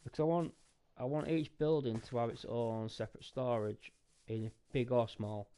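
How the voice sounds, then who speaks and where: Gravelly gamer thinking aloud. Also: male voice, mid-range voice, normal speed, mellow. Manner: thinking aloud, rambling and musing. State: tired and sleepy. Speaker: gaming streamer. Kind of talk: casual gameplay commentary. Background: background music.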